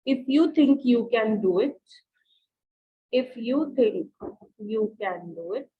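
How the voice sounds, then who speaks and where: A woman with an Indian English accent teaching an online English class, repeating each phrase slowly for students to underline. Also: fairly high pitch, animated, breathy edge. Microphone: computer or headset mic on a video call. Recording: dull lo-fi online call audio.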